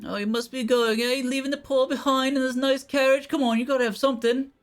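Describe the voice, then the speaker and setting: A man's voice: extremely high pitch, steady tone, fast talker, faint music behind, pitched above the performer's own voice. A man voicing a scruffy male street beggar who is insistent and indignant, in a tabletop game. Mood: pushy, indignant.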